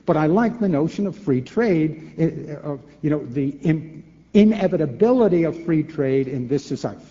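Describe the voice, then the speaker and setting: A man in his sixties, a former governor, answering a question at a forum with animated, rhetorical talk, acting out both sides of dialogues and repeating words as he restarts. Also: a little high, normal speed. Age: 60s. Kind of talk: lecture-hall Q&A answer. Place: large lecture hall. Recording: echoey hall, dull lo-fi tape.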